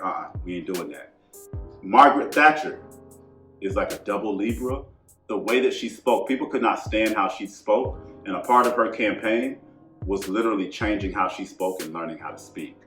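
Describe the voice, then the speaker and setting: A man's voice: lowish voice, fairly bright tone, reverberant. A man hosting an astrology talk, chatty and emphatic, with asides and fillers. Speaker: astrology channel host. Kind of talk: casual astrology talk to camera.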